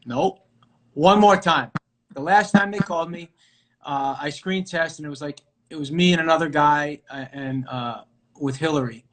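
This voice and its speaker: A middle-aged man from New York, an actor guest telling stories casually on a live video call, animated and full of fillers and restarts. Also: a little high, normal speed. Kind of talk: casual storytelling interview.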